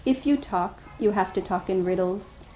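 A woman's voice: medium pitch, normal speed, dark tone, slight background noise, lightly acted. A woman voicing a weary, complaining male demon lord who is tired of being evil, in a story told during a dharma talk. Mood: weary complaint. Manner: complaining, exasperated.

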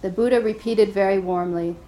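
Woman teacher telling a story in a dharma talk, soft and a little halting, middle pitch. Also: rough recording. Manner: gentle, hesitant, laughs easily. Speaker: meditation teacher.

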